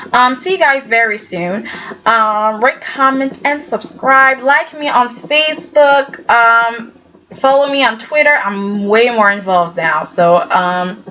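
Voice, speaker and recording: Slow, chatty woman reviewing a soap, lo-fi. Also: on the high side, bright, forceful tone, slight background noise. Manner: chatty, exasperated, acts out characters' lines. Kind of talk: casual recap vlog.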